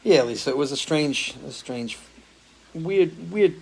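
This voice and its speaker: Casual musician chatting with viewers. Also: male voice, on the high side, expressive, measured pace, vocal fry, husky. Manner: loose, swears freely, talks in restarts. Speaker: musician hosting a live stream Q&A. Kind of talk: casual chat answering viewer comments. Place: home, living in Florida.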